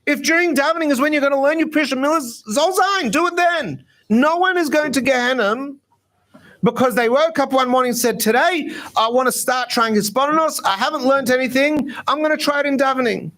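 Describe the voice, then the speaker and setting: A man, a rabbi, giving an informal, chatty talk on prayer and meditation at a gathering, lively and self-mocking. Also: extremely high pitch, a little fast.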